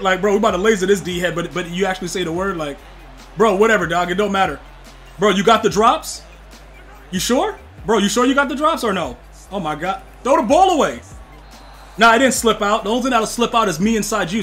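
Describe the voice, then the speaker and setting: A young man streaming a football video game, talking slangy trash to his chat and yelling at plays. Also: sits high. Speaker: gaming streamer. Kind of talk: live game stream commentary.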